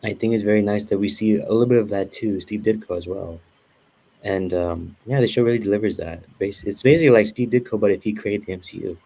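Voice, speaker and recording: Guy chatting loose as a guest, kinda low voice, tons of likes and restarts. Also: quick pace, warm tone. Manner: rambling, many fillers and restarts. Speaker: guest reviewing a show. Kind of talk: casual conversation.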